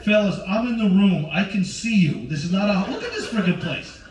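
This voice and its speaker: A brash middle-aged man doing stand-up, teasing the audience directly in a voice pitched a little high. He sounds set back from the mic in a roomy lounge aboard a ship, with faint ambience behind him. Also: animated, fairly quick, distant mic, a crowd in the background. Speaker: stand-up comedian. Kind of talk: stand-up with crowd work. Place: cruise ship show lounge.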